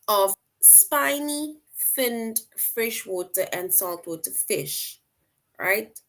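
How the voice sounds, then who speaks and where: A woman teacher explaining a lesson slowly, repeating points and checking in with "right?" often. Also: medium pitch, animated, fairly bright tone. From outside the US. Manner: slow, repetitive explaining, frequent "right?" check-ins. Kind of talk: online class lesson.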